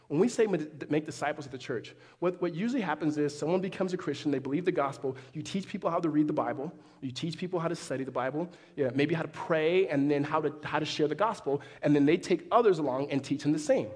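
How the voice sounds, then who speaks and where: A man preaching a sermon as pastor, animated, with frequent restarts. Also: fairly high pitch, fast, slightly rough. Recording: long hall reverb.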